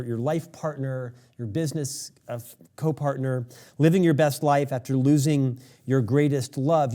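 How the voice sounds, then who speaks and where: A man hosting an interview podcast, animated and enthusiastic, joking about himself. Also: mid-range voice. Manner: animated, exuberant, self-deprecating humor. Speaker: podcast host.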